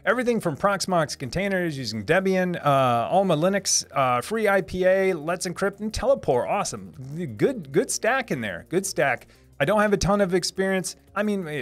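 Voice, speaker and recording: Chatty man hosting a live stream. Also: a little high. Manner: chatty, laughs often, many restarts and repeated words. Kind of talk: casual live-stream chat reading viewer comments.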